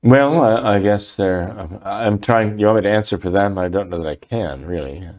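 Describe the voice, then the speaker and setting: A man's voice: fairly low pitch, normal speed, a little mellow. An older man, a priest, answering listener questions on a talk program in a hesitant way, with many fillers and restarts.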